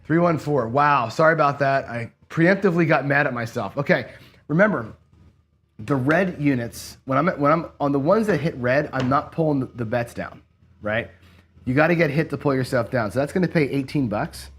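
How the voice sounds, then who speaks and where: A man's voice: mid-range voice, moderate pace. Chatty man calling dice rolls. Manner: talks to camera while rolling dice, counting payouts aloud; excitable bursts when a roll goes his way. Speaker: craps strategy host. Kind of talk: casual play-along commentary.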